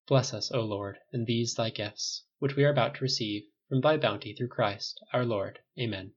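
A man voicing a polite, earnest young soldier captain who speaks softly and courteously, on a dull lo-fi recording. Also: mid-range voice, moderate pace, husky, lightly acted. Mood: solemn. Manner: courteous, soft-spoken.

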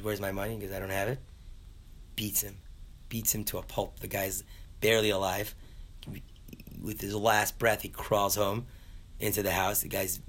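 A man teaching a casual Torah class, spinning a folk tale and slipping into its characters. His low voice is gravelly, with a bright, forward edge. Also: a little hiss or hum. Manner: animated, folksy storyteller acting out the characters.

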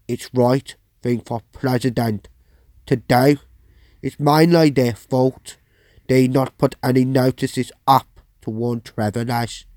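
A man doing a thrilled freed prisoner, high. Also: no echo, close to an everyday voice. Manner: high, excited quoting voice. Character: elated middle-aged man just freed from prison.

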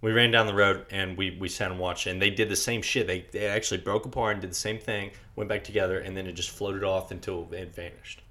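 Bright-voiced young man telling a rambling story. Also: sits low, fairly even intonation, fairly quick, few pauses. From Virginia. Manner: swears freely, rambling with restarts. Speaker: podcast co-host. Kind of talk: casual storytelling chat.

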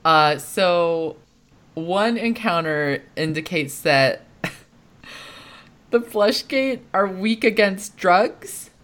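Low, slow-talking woman host. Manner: relaxed, with fillers and hummed pauses. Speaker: podcast host. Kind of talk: casual chat.

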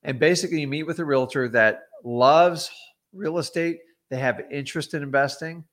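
A man's voice: on the high side, moderate pace, fairly bright tone. Blunt, chatty middle-aged man teaching. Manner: blunt, chatty, with frequent ums and asides. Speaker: real estate investor teaching wholesaling. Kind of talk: casual livestream teaching.

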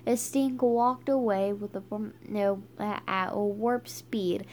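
A woman reading a children's book aloud, halting and stumbling with frequent restarts. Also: mid-range voice, steady tone, slight background noise. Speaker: reader.

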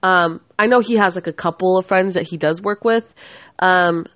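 A woman's voice: on the low side, normal speed, fairly bright tone, no room sound. Young woman venting, dry close sound. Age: 20s. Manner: rambling, profane, angry, self-interrupting. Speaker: podcast host. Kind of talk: casual venting monologue.

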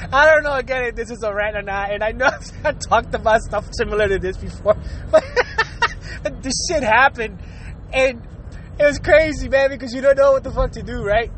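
Against slight background noise, a podcast host with a very high, bright voice rambles through a casual, profane comic rant. He laughs between lines, repeats himself, restarts sentences, and keeps the whole thing loose and chatty.

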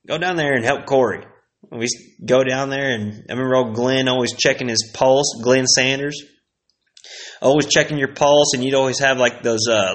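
A man's voice: medium pitch, a bit bright. Laid-back man rambling on a podcast. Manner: rambling, profane, laid-back, sipping whiskey. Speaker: podcast host. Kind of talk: casual solo podcast reminiscing.

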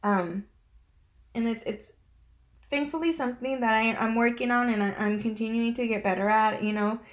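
A woman in her thirties talking to her viewers in a personal confessional vlog, halting and close to tears, with many restarts and fillers. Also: fairly high pitch, steady tone. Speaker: vlogger.

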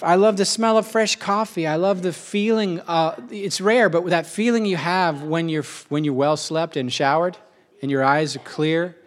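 This middle-aged man's pitch sits fairly high as he rambles emotionally through a casual spoken monologue. He keeps repeating himself and tossing in quick asides.

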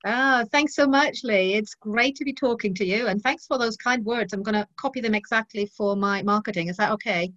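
A woman's voice: medium pitch, brisk, few pauses, fairly bright tone, no room sound, lo-fi sound. A middle-aged woman talking about her work as a guest in an interview, frank and thoughtful with many ums. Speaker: guest, leadership trainer. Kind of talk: interview conversation.

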